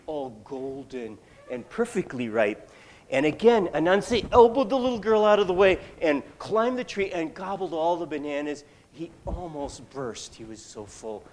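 Live storyteller, folksy, rambling asides, very lively pitch, faint background hiss. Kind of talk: live folktale storytelling and chat.

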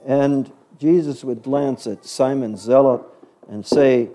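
A man's voice: mid-range voice, slow, dark tone. A man teaching a Bible story to children in a chatty way, asking them questions along the way. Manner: asks the listeners questions, chatty.

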